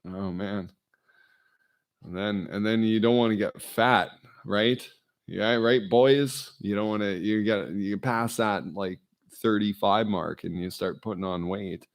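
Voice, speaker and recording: Slow, gravelly middle-aged man rambling. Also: on the low side. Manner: meandering, self-deprecating, full of fillers. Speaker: vlogger. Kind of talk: rambling solo monologue. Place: indoors, alone.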